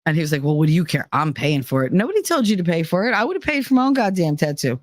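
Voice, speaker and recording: A woman hosting a podcast, telling a personal story in a casual, profane way and acting out the people she quotes with sudden jumps in pitch. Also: very animated, racing, no echo. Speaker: podcast host.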